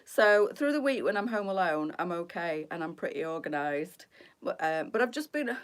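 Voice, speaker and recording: A woman's voice: on the low side, animated, moderate pace. A middle-aged woman, hosting a casual live stream and chatting with her viewers, greeting them by name and rambling freely.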